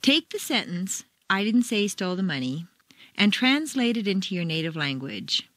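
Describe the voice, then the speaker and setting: Woman, lively sing-song pitch, dry close sound, clear deliberate delivery. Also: no room sound. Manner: clear, deliberate, demonstrates stress patterns. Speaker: accent coach. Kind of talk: scripted instructional narration.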